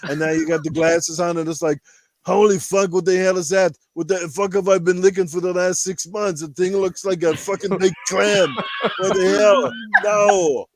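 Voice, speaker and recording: A man doing a crude, brash impression of an aging action-star man, ranting loudly with lots of swearing on a podcast. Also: sits high, steady tone, normal speed, close to an everyday voice. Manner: loud, profane ranting.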